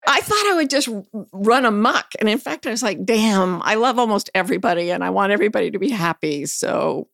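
A woman's voice: medium pitch, animated, a little fast, creaky, fairly bright tone, no room sound, clean studio sound. A middle-aged woman, an interview guest, telling personal stories candidly and frankly, now and then swearing. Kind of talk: personal storytelling in conversation.

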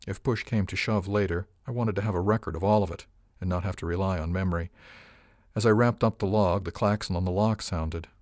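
A man reading a first-person story aloud as an audiobook narrator, in an even, measured way. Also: low-pitched, no echo, studio quality.

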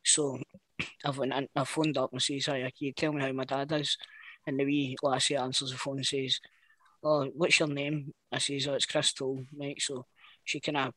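A man's voice: mid-range voice, moderate pace. A Scottish man co-hosting a football podcast, telling stories casually and swearing. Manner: animated anecdote teller, sweary. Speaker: podcast co-host. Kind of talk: casual chat, storytelling.

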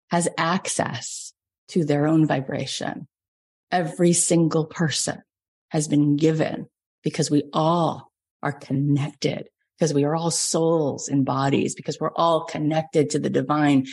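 A woman in her forties from Florida, a business coach telling personal stories in a lively podcast talk. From Florida, USA. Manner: lively storytelling, jumps up in pitch for quoted dialogue.

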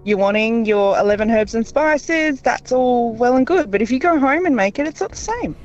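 An Australian woman calls in to a radio show, her voice dulled by a muffled phone line. She agrees firmly and speaks at an everyday pitch, with faint music in the background. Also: expressive, moderate pace. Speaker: radio caller. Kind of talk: phone-in chat.

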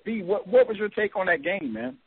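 A man hosting a sports podcast, leading the talk in a relaxed way and asking questions. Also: high-pitched, a little fast, breathy edge. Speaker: podcast host. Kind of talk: casual sports chat. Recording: tinny phone-like sound.

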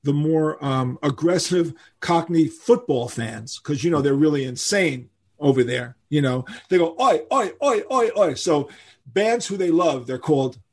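An older man, telling animated stories as a guest in a podcast interview and acting out the people he quotes. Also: fairly high pitch, moderate pace. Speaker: guest musician.

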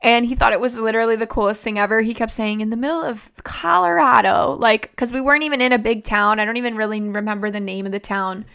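A woman's voice: fairly high pitch, steady tone, quick pace, hardly any pauses, fairly bright tone, clear, resonant tone. A young woman vlogger telling a personal story in a rambling, conversational way, full of fillers and restarts.

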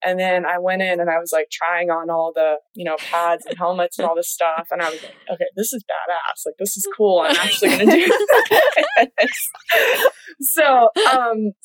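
Laughing often and filling her talk with "like," a young college athlete chats as a guest about her own story. She speaks on the low side in a steady tone, fairly quick with few pauses; the recording is echo-free but low quality.

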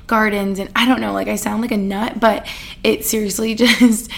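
A woman's voice: medium pitch, flat delivery, moderate pace, creaky. A young woman in her twenties from the Boston area, hosting a casual solo podcast, chatty and giggly, with lots of fillers. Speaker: podcast host.

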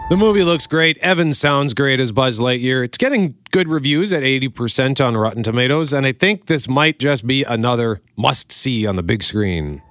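A man hosting a casual movie review chat, talking in a lively, chatty way. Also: mid-range voice, normal speed, few pauses.

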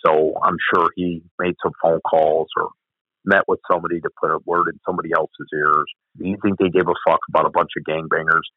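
A man's voice: extremely low pitch, level tone, brisk, dry recording. A former police officer, telling blunt, profane stories from his career in an interview. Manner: blunt, profane, gravelly storytelling. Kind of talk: storytelling interview. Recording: dry, phone-like audio.

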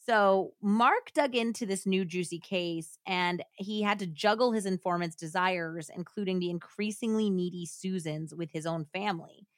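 A woman's voice: on the low side, normal speed, hardly any pauses, no echo, studio quality. A woman hosting a podcast, telling a true-crime story casually with many fillers and laughs. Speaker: podcast host.

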